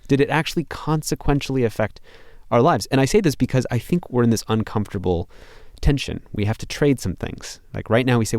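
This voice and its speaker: A man's voice: on the low side, quick pace, darkish tone, dry recording, clean studio sound. A man hosting a podcast, speaking in long, thoughtful, reflective turns. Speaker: podcast host. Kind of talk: podcast conversation.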